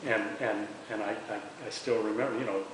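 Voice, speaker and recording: A man's voice: lowish voice, fairly even intonation, fairly quick. A man in his sixties, a veteran, recounting memories in an oral history interview, often stumbling and repeating words. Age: 60s. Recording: echoey room with faint hiss.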